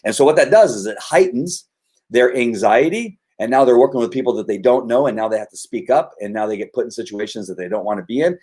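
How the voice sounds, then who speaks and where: A dog trainer explains his methods in a loose, conversational way. He often stumbles, repeats words and restarts his sentences. His voice sits at an ordinary pitch for a man. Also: fast talker, a little mellow, breathy edge. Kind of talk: casual explanatory talk.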